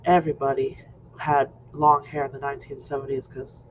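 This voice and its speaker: A man in his fifties telling a personal story in an animated way, acting out scenes, in a muffled lo-fi recording. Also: mid-range voice, fairly quick. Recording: muffled lo-fi recording with faint noise.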